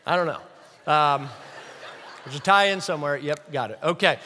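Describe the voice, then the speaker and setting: A man's voice: fairly high pitch, measured pace, pushed and bright, in a large hall, slight background noise. A man preaching a sermon as a pastor, conversational and self-deprecating, often asking the audience questions. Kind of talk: sermon with humor.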